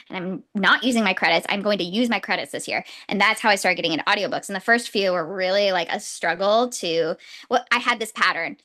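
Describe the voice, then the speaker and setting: A woman's voice: medium pitch, bright, forceful tone. A young woman co-hosting a casual book podcast, gushing and laughing often as she chats. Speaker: podcast co-host.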